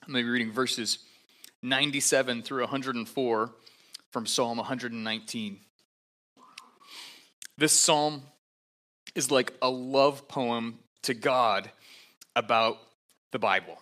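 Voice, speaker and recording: A man, a pastor, giving a relaxed, conversational sermon with frequent fillers and asides. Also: mid-range voice, measured pace, long pauses.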